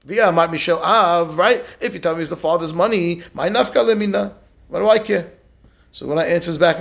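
Male rabbi teaching Talmud, with a raised pitch and a gravelly edge. He reads the text aloud, then unpacks it in a conversational question-and-answer way. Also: brisk, a bit bright. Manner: explains step by step, asks and answers rhetorical questions; keeps checking in with "right?". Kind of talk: Talmud study lesson.

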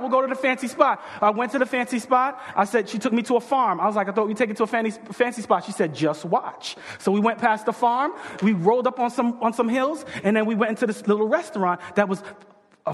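A pastor telling a story in his sermon, acting out the voices of the people in it. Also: very high voice. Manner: animated, acts out quoted voices. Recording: long hall reverb.

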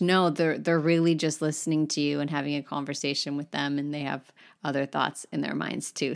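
A woman teaching French in a relaxed, encouraging way, sometimes dropping almost to a whisper. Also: low-pitched. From United States. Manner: friendly, encouraging, drifts into soft near-whispers. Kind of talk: relaxed spoken lesson.

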